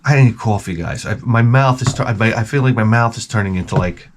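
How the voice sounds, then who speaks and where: A man's voice: on the low side, brisk, background noise. A man hosting his own video, telling work stories in a wry, rambling way with crude asides. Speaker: video host. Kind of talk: casual rambling monologue.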